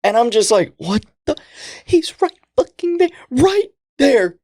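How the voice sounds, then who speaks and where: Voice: high voice, very animated, unhurried, darkish tone. A podcast co-host in profane, jokey casual chat, acting out reactions.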